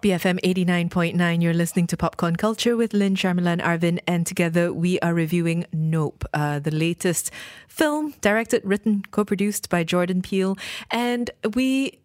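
A woman co-hosting a radio film review show, talking in a thoughtful, measured way with frequent ums. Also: fairly low pitch, darkish tone, dry recording, studio quality. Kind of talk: casual film review chat.

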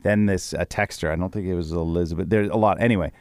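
A middle-aged man from Canada chats on a podcast, rambling and restarting his sentences as he reminisces. His voice sits somewhat low. The recording is dry and close. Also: steady tone, quick pace, a little mellow, dry recording. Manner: rambling, restarts a lot, dips low when reflective. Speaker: podcast co-host. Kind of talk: casual chat.

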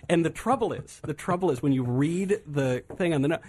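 A man's voice: on the high side, a little fast, slightly rough. A man appearing as a guest on a talk radio show, chatting in a wry, self-mocking way and laughing often. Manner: wry, animated, laughs a lot. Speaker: podcast host as radio guest. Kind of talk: casual talk radio banter.

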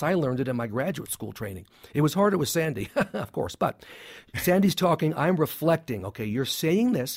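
A man speaks in a medium pitch as a clinical psychologist on an interview show. He talks in short, emphatic bursts with some wry humor. The recording is dry and close, with no room sound. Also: darkish tone, no room sound. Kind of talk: interview conversation.

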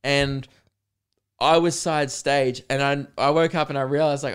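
Chatty young man, smooth voice. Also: medium pitch, fairly even intonation, normal speed. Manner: rambling, chatty storytelling with frequent fillers and swearing. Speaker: podcast host. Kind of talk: casual solo podcast chat.

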